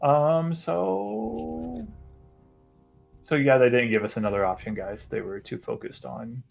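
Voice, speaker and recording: Gravelly-voiced joking man. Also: medium pitch, measured pace. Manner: joking, laughing, excitable. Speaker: player. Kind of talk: casual tabletop game chat.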